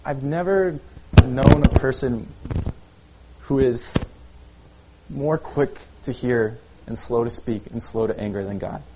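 Guy preaching a chatty sermon, lots of like and okay, normal pitch voice. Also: slow pace, long pauses, very noisy. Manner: conversational preaching with frequent "okay?" and "like". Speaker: pastor.

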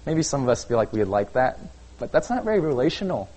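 A man preaching a sermon in a relaxed, conversational way, often checking in with "okay?" and using "like". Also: mid-range voice, quick pace, husky, rough recording. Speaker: pastor.

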